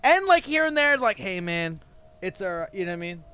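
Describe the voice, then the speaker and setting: A man's voice: sits high, big pitch swings, a little fast, sharp tone, smooth. A man hosting a podcast in casual chat, telling stories animatedly, acting out quotes and swearing freely, recorded outdoors. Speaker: podcast host.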